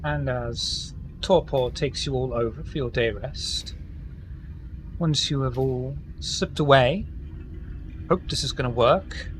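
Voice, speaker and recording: A man's voice: medium pitch, slow pace, a little hiss or hum. A man running a tabletop game as game master, narrating and hosting theatrically over a call mic.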